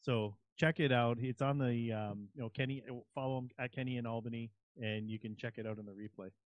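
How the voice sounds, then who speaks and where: Co-host: a mid-pitched man, relaxed, who stumbles and restarts, heard on dry, muffled audio. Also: no echo. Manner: relaxed, halting, stumbling over words. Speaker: radio co-host and producer. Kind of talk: casual radio banter.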